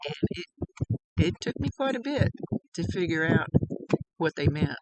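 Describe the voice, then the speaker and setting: A woman's voice: fairly low pitch, very animated, normal speed. A woman working as a psychic medium, chatting casually through a reading, relaying messages and laughing often. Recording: heavy background noise.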